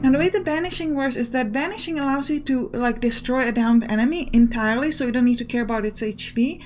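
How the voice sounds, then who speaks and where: A young woman gives gameplay commentary in a slightly high voice. She talks quickly and explains each move, leaning on little fillers. Faint game music plays underneath. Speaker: let's play host.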